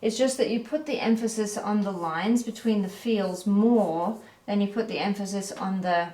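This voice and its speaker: A woman giving a relaxed, chatty painting critique as an art teacher, correcting herself as she goes. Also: medium pitch, normal speed. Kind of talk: painting critique, talking while pointing. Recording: echoey room.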